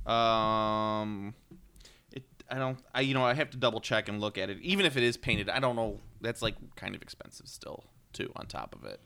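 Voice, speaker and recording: A man's voice: on the low side, moderate pace, bright, forceful tone, slight background noise. A man co-hosting a casual podcast chat, rambling with ums and self-corrections and cracking wry jokes. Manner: wry, joking. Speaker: podcast co-host.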